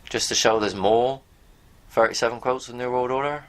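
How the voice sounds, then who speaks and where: A man's voice: mid-range voice, steady tone, normal speed, fairly bright tone. A man giving rambling, blunt commentary to his viewers as he reads from pages on screen, now and then swearing. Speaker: video host. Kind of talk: casual commentary while reading from pages on screen.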